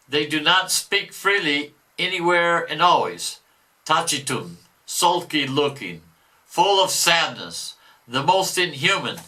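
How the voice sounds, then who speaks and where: A man's voice: a little high, bright, forceful tone, pitched above the performer's own voice, rough recording. A man reading aloud the words of a spiteful, boastful devil, declaiming with mocking scorn. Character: spiteful boastful male devil, gloating and raging.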